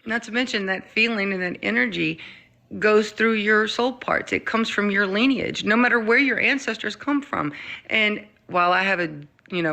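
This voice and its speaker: Earnest bright-voiced woman host. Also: medium pitch, gravelly. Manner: earnest, reflective, emphatic. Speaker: podcast host. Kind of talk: casual group discussion. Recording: background noise on mic.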